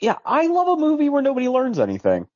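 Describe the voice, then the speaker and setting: A man's voice: very high-pitched, huge pitch swings, fast, dry recording. A man co-hosting a casual movie review chat, sarcastic and laughing as he talks. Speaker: podcast co-host. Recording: dull lo-fi sound, dry.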